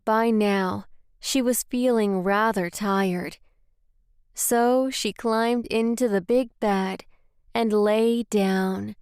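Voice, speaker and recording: A woman whose native language is Spanish, reading a children's story aloud in a slow, careful way. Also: medium pitch, fairly even intonation, a little mellow, clear, resonant tone, no room sound, clean studio sound.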